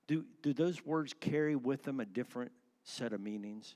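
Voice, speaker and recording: A man's voice: mid-range voice, moderate pace, dark tone. A man teaching a church class, asking questions and shifting his word stress for effect. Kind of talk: interactive church class lecture.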